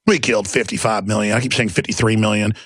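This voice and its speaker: A man's voice: on the low side, steady tone, fast, fairly bright tone, slightly rough, dry recording. A middle-aged man ranting in a mocking, sarcastic monologue as a talk radio host.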